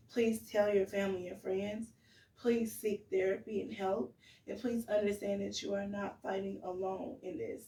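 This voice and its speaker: A woman's voice: mid-range voice, creaky, a little mellow, reverberant, recorded from a distance, poor audio. A woman co-hosting a podcast who gives earnest, pleading advice, emotional and direct. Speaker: podcast co-host.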